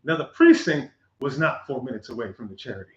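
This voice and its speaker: Animated man telling a story in an echoey room. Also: medium pitch, fast talker. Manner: animated, acts out quoted dialogue, laughs often. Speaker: guest. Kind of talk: casual storytelling chat. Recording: muffled echoey room recording.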